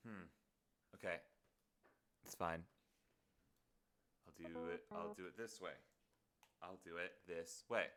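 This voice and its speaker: A man's voice: low-pitched, fairly even intonation, takes it slowly, pauses often, bright, forceful tone, a little hiss or hum. A man streaming live while making music, muttering to himself and joking playfully at his own expense as he greets his chat. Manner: muttering to himself, playful self-mocking asides.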